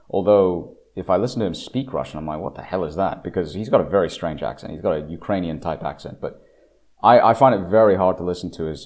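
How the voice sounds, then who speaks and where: A man with a very low, deep voice delivers an opinionated political monologue. He is blunt and emphatic, drawing out the words he wants to land. He often stumbles into restarts and side remarks. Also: a little mellow. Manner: emphatic, slows down to stress key phrases; blunt, with frequent restarts and asides. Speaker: political commentator.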